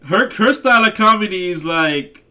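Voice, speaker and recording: A man hosts a reaction video and talks casually to his viewers, often repeating himself. His voice is bright and a touch high. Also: expressive, normal speed.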